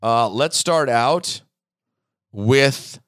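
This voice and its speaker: Male podcast host, mid-pitched, close dry mic, animated mailbag reader. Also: very slow, no room sound. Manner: animated, reads listener emails aloud. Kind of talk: casual chat, reading mailbag.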